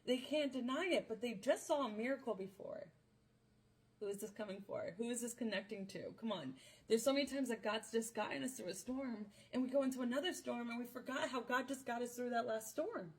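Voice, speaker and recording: A young woman podcast host retelling a Bible story casually, playful and full of slang and quick joking asides. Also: fairly high pitch, a little mellow.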